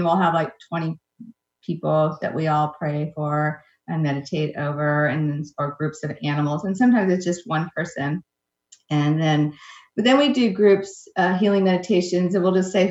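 Woman guest, low-ish voice, gushing and warm, echoey dull remote audio. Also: normal speed. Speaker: guest, meditation group leader. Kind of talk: casual chat.

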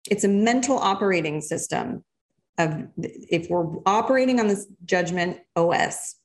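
A woman's voice: medium pitch, expressive, moderate pace. A woman guest in an interview who speaks reflectively and explains her points with examples. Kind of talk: casual interview conversation.

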